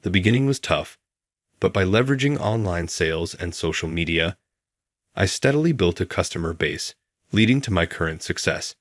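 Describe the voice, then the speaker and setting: Male narrator, very low voice, calm and even delivery, dry close recording. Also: moderate pace, no echo. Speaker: storyteller. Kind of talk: scripted first-person story narration.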